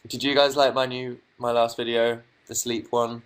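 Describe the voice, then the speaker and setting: Speaking at a normal pace in a smooth, mid-range voice with flat delivery, a young English man runs a relaxed bedroom livestream. He reads out what viewers write and tosses back dry, sarcastic remarks.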